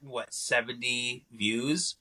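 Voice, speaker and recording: Bright-voiced, teasing male podcast host. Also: mid-range voice, fairly even intonation, takes it slowly, slightly rough, poor audio. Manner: joking, teasing, swears casually. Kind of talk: casual chat.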